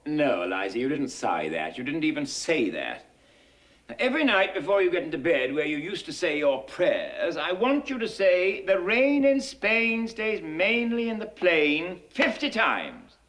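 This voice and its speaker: Professor Higgins, an exasperated professor. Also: male voice, fairly high pitch, wildly swooping pitch, normal speed, a bit bright. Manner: exasperated, lecturing, theatrical. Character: imperious male phonetics professor drilling a pupil. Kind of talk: 1960s film musical acting.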